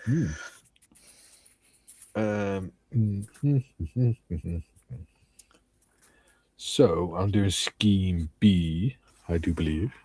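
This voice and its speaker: An older man hosts a casual livestream and jokes his way through viewers' comments. His voice is husky and fairly low. The sound is dry and close. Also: drawn-out words, pauses often, warm tone, no echo. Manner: jokey, reads out chat comments. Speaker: livestream host.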